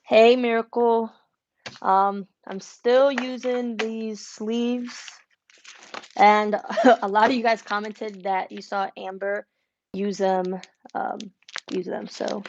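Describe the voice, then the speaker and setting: A chatty young woman talks casually to her livestream viewers from a home craft room, greeting each of them by name. Her voice has a gravelly, creaky edge at a middle pitch, with a faint hiss of noise behind it. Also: darkish tone, lo-fi sound. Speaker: embroidery business owner livestreaming. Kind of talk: casual livestream chat while working. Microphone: wireless earbuds.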